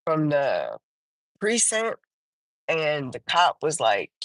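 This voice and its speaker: Recorded dry and in poor quality, a woman's pitch swoops wildly as she hosts a livestream and shares a personal testimony in casual talk. She keeps halting, restarting sentences and using fillers. Whenever she quotes herself, she acts it out in a higher voice.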